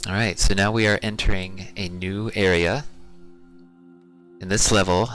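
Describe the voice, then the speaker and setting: A man's voice: sits low, a little slow. A man casually commenting as he streams a game he built, with music playing behind him. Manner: relaxed, chatty, with fillers. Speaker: game developer streaming his game. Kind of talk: casual let's-play commentary.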